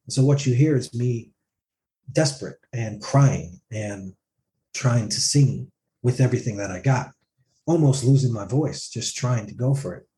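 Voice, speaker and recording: A man's voice: medium pitch, unhurried, a little hiss or hum. A male singer in a casual interview, telling a story with animation and acting out what others said. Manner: animated, acts out others' words in quotes.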